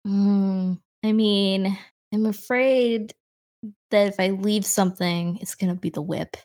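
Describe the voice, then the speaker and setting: A woman's voice: medium pitch, fairly even intonation, slow pace, a little mellow. A woman playing a tabletop game, giggly and playful. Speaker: player. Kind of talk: casual tabletop play.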